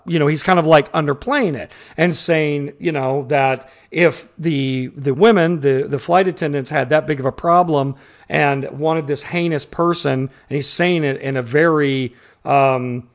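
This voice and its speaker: A man's voice: a little high, unhurried. A man co-hosting a podcast in casual chat, heated and profane, acting out quotes as he talks. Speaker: podcast co-host.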